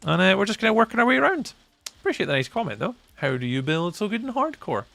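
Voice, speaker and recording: Scottish guy live streaming, chatty n playful, gravelly voice, faint music behind. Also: sits high, very animated, fast, a bit bright. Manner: chatty and playful, reading chat aloud. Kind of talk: casual live-stream chat.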